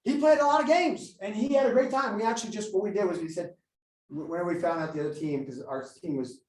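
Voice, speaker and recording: Talking fast in a voice that sits high, this man is a school administrator presenting live to parents. He tells funny stories, jokes around and imitates students. It all echoes through the school meeting room where the meeting takes place.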